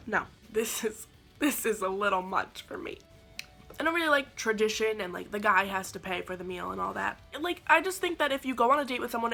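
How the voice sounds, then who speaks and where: Bright, animated young woman vlogger. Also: a little high. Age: 20s. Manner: animated, sarcastic storytelling with quoted asides. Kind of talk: storytelling vlog.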